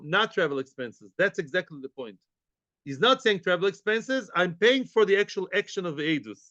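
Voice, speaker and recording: A man giving an animated Talmud lesson, acting out little scenes and mixing in Hebrew and Yiddish terms. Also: sits high, moderate pace, no room sound. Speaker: Talmud teacher. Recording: dull, muffled dry recording.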